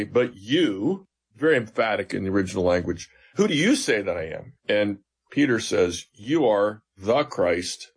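A man's voice: fairly low pitch, breathy edge. A man, a seminary professor, explaining scripture in an interview and retelling stories with emphatic quoted dialogue.

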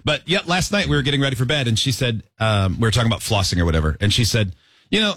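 A man's voice: mid-range voice, big pitch swings, quick pace, a bit bright, no echo. A married man co-hosting a podcast, joking and playful as he teases the others and tells stories. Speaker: podcast co-host. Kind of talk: casual chat.

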